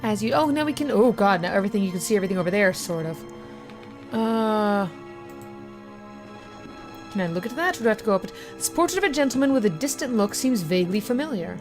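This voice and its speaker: A woman hosting a let's-play of a horror game, reading its text aloud and reacting in a casual, profane way. Her pitch sits in the middle for a woman, and faint music plays behind her. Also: expressive, quick pace, long pauses. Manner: casual, swearing, reacting with disgust. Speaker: gaming video host.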